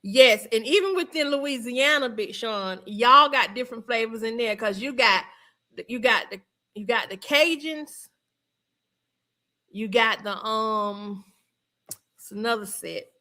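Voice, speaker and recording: Bright chatty Southern woman streamer. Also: fairly high pitch, unhurried. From Georgia, US. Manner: chatty, laughs often, reads viewer comments aloud. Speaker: livestream host. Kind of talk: casual livestream chat.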